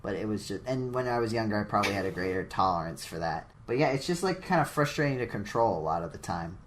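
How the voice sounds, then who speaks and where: A man's voice: lowish voice, animated, quick pace, a little hiss or hum. Rambling man co-hosting a podcast. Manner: rambling with many fillers, playfully hamming up his sign-off. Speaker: podcast co-host. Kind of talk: casual gaming podcast chat.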